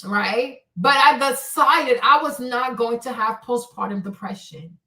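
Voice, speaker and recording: In a casual livestream rant, a woman in her forties speaks bluntly and preachily, often tossing in "right?". Her voice is fairly high, unhurried, pushed and bright. The room is echoey and she sits a bit far from the mic.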